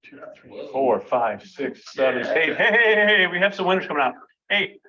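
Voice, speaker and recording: Bright-voiced man tallying workshop votes. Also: a little high, expressive. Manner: brisk, counting votes aloud. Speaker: workshop facilitator. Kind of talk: live workshop exercise. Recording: dull lo-fi room recording.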